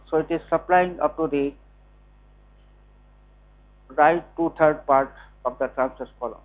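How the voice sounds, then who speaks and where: A man with an Indian English accent giving a classroom anatomy lecture, slowly repeating key terms. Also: fairly high pitch. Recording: tinny lo-fi classroom recording.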